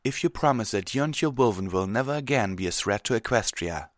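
A man's voice: lowish voice, expressive, fairly quick, no echo, clean studio sound, pitched above the performer's own voice, close to an everyday voice. A man voicing a young female pony princess who speaks earnestly and firmly. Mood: resolute. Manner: earnest, firm.

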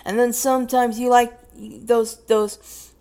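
Answering question prompts in casual conversation, a young Southern US woman speaks slowly with a fairly high, mellow voice and flat delivery. She rambles, laughs, corrects herself, and occasionally lowers her voice to a whisper.

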